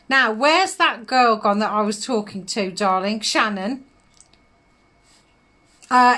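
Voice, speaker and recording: A woman's voice: fairly high pitch, a bit bright. A middle-aged woman, giving psychic readings on a live stream in a chatty manner, laughing often and calling viewers darling.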